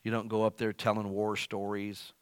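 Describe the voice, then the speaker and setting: A man preaching a sermon who calls himself loud. He swings from loud emphatic lines to quiet asides. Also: on the low side, monotone, moderate pace, clear, resonant tone, dry recording. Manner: self-described as loud. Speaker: pastor.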